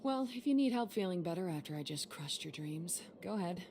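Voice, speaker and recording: A man voicing a blunt, sardonic young woman in a game, talking in a mocking, sharp-tongued way. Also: high-pitched, animated, a little fast, slight background noise.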